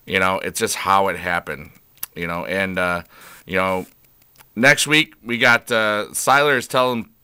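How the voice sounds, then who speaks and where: A man rambles through a casual video review, filling his sentences with ums and "you know"s. His lowish voice is sharp and forceful, with a smooth, resonant tone. The sound is close and dry. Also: dry recording. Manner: rambling, frustrated, filler-heavy. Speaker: TV episode reviewer.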